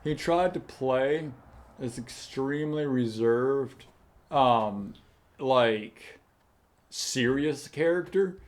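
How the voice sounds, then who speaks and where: A man casually reviewing a film with a friend, rambling and hesitant with many fillers. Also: mid-range voice. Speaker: movie reviewer. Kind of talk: casual movie review chat.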